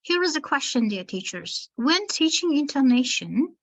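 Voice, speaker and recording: A woman's voice: sits high, very animated, normal speed, poor audio. A woman teacher trainer giving an online webinar lecture, explaining step by step and addressing her listeners as dear teachers. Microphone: video call.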